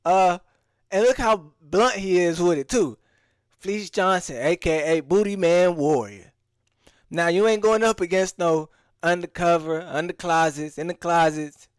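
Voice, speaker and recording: A man on a livestream reacting to a clip, his voice smooth and a little high for a man. The sound is close and dry. He talks to his viewers in loose street slang and keeps restarting his sentences. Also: measured pace, dry recording. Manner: addresses the audience directly. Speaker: streamer reacting to a video. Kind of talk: casual reaction commentary.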